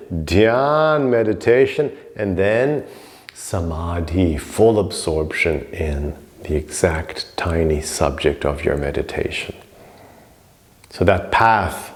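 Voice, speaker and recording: A man's voice: sits low, darkish tone. A man teaching a recorded class on yoga scripture in a loose, conversational way, acting out stories as he goes. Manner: loose and conversational, acts out stories, many "you know"s. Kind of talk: informal recorded class lecture.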